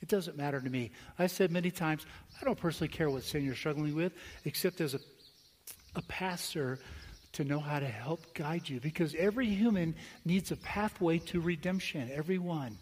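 A male pastor telling a story in a conversational sermon, with quick asides and slow, emphatic phrases. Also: a little high, slightly rough. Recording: long hall reverb.

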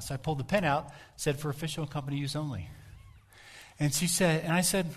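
A man's voice: a little high, brisk. Conversational man preaching a sermon. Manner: conversational storytelling preacher, asks the congregation direct questions. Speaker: pastor.

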